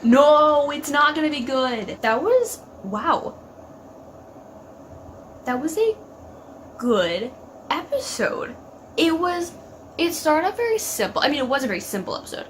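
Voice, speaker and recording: A woman's voice: high-pitched, sing-song, a little slow, pauses often, a little hiss or hum. A young woman chatting emotionally about a TV episode, filling her talk with "like" and talking back at the screen. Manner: gushing, filler-heavy, talks back at the screen. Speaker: TV reaction vlogger. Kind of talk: casual emotional reaction chat.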